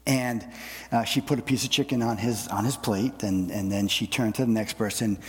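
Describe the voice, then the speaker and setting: A male pastor preaching a sermon, often repeating words and pausing with fillers as he speaks. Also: on the low side, fairly even intonation, big-room sound. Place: church sanctuary.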